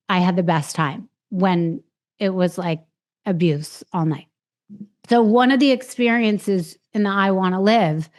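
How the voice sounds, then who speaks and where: A woman hosting a podcast tells her own story in a frank, unpolished way. She swears freely and slips into the voices of the people she is quoting. Her pitch sits in an ordinary middle range for a woman. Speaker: podcast host. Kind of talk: candid personal storytelling.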